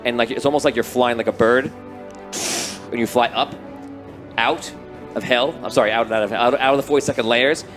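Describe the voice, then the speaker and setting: A man narrating a tabletop game as game master, telling the scene in a rambling, animated way. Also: medium pitch, a little fast, long pauses, soft background music. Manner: rambling, animated storytelling with restarts.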